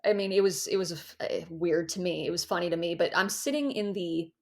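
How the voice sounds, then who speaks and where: A woman's voice: fairly low pitch, a little fast. A young adult woman, a podcast guest, telling a story with energy, laughing at herself and acting out the voices of the people in it. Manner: animated, self-mocking, acts out voices in her anecdotes. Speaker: guest, author and ex-Jehovah's Witness activist. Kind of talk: casual storytelling in a podcast interview.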